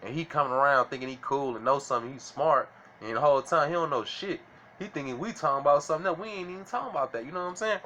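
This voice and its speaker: Casual vlogger, man, slangy and bright, faint noise behind. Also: on the high side, rapid-fire. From Illinois. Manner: slangy, keeps asking "you know what I'm saying". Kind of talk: casual monologue to camera.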